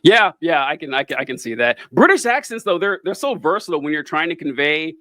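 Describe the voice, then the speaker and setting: Guy with a high voice rambling about a movie, laughs a lot, swears, dry close sound. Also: expressive, quick pace, pushed and bright, no echo. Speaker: podcast co-host. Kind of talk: casual chat.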